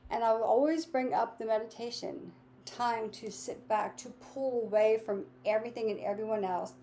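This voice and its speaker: A woman's voice: on the high side, fairly even intonation, normal speed, dark tone, slight background noise. A woman giving a casual, enthusiastic tarot and astrology reading, repeating her affirmations. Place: home with lawnmowers outside.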